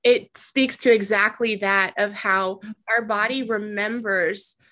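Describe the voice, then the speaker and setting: A woman's voice: medium pitch, steady tone, slow pace. A woman hosting a podcast, chatting casually with many fillers. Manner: warm, chatty, many fillers like "you know". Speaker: podcast host.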